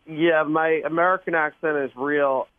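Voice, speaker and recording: A man's voice: a little high, fairly even intonation, moderate pace, clear, resonant tone. Sheepish man on a tinny phone line. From Canada. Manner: sheepish, embarrassed. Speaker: caller.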